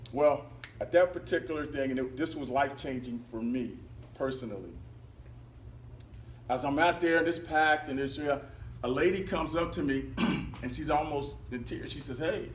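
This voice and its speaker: A man tells a lively personal story to a meeting, acting out other people's words and laughing along the way. He sounds a little far from the microphone, and the hall adds a roomy echo over a faint murmur of ambience. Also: fairly high pitch, a little hiss or hum. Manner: animated, breaks into laughter, acts out quotes. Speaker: speaker at a club meeting. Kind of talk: storytelling talk.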